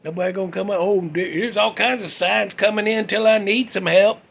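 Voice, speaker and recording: A man's voice: high-pitched, steady tone, brisk, gravelly, fairly bright tone, husky. A man, hosting a casual, rambling monologue full of folksy jokes and asides. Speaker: podcast host. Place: cold room with a space heater.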